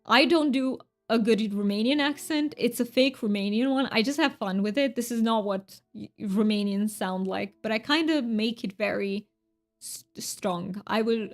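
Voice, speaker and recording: A woman streamer in casual live chat with her viewers, chatty and rambling, often correcting herself mid-sentence. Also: a little high.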